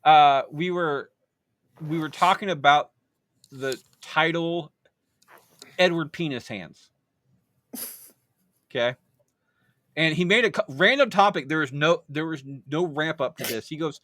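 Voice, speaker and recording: A man's voice: a little high, lively intonation, measured pace, pauses often, fairly bright tone. A man hosting a casual podcast, loose and rambling, laughing often. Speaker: podcast host.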